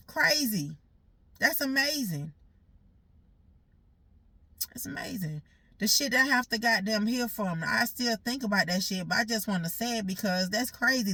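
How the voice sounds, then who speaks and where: Blunt, bright-voiced woman venting. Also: on the high side, dry recording. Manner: blunt, profane and repetitive. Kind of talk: emotional personal monologue.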